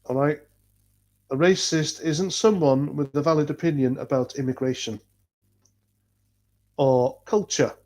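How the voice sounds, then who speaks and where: A man's voice: fairly high pitch, unhurried, long pauses, darkish tone. A man from North Wales with a North Welsh accent, chatting casually on a livestream, blunt and rambling, swearing freely. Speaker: livestream host reading chat.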